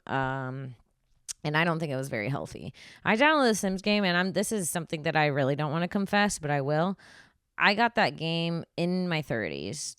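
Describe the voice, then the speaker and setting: Low-voiced woman in her 30s, stand-up comic rambling on her podcast, swears a lot, dry close mic. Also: clean tone, no room sound. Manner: rambling, profane, confessional. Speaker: stand-up comedian hosting a podcast. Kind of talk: casual comedic monologue. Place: podcast studio.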